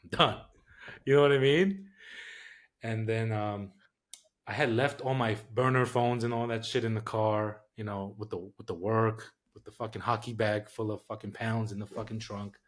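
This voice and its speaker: A man's voice: lowish voice, moderate pace. Profane New man telling a story. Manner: profane, streetwise, animated storytelling. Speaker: podcast guest. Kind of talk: casual storytelling.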